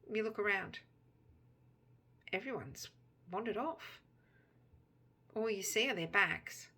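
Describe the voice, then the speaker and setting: A woman narrates a Bible story in the second person, drawing the listener into the scene. Her voice is bright and clear. The delivery is intimate and immersive. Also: medium pitch, takes it slowly, pauses often. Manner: intimate, immersive, turns softer in quiet moments.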